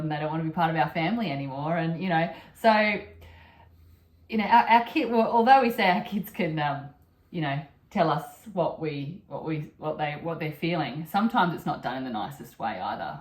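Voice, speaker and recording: Casting: middle-aged mum, lower voice, earnest and repetitive, echoey room. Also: female voice, animated, a little fast. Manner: earnest, repeats phrases while thinking. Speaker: podcast co-host. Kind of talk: casual conversational chat.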